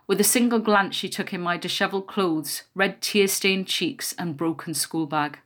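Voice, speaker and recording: A woman narrating a first-person memoir in a quiet, measured storytelling voice. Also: on the low side.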